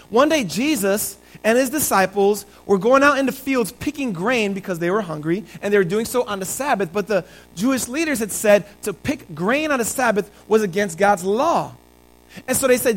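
A man's voice: high-pitched, lively intonation, normal speed, low-quality recording. A male pastor preaching a conversational sermon and telling stories to his congregation.

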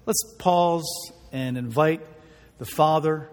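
Earnest high-voiced male pastor. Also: slow, clear, resonant tone. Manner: earnest, emphatic, repeats key words. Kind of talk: sermon with prayer. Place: church hall. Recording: long hall reverb.

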